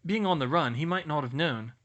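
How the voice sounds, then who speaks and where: A man's voice: a little high, expressive, a little fast, a bit bright, muffled recording, pitched above the performer's own voice. A man voicing a casual teenage boy wizard with an offhand manner.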